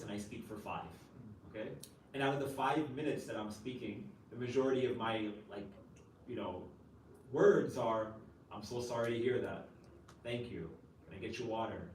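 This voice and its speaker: A man's voice: fairly low pitch, a little mellow. A man who serves as a chaplain, speaking at a campus talk and answering an audience question in a conversational way, often using "like", "you know" and a questioning "right?". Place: campus event room. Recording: roomy, distant, faint noise.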